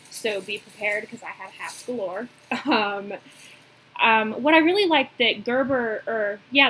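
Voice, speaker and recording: A young woman with a lilt talks through a casual haul vlog in a bright, slightly high voice. She gushes and fills her pauses with "um". A faint hiss sits under the recording. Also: low-quality recording. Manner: chatty, gushing, many "um"s. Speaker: reborn doll collector showing a haul.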